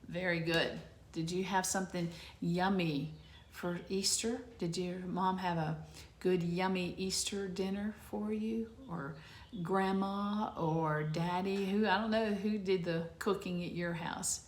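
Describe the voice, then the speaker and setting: Slow, patient teacher in an echoey room. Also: female voice, fairly low pitch. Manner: slow, patient, sounds out letters. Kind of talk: remote phonics lesson for young children.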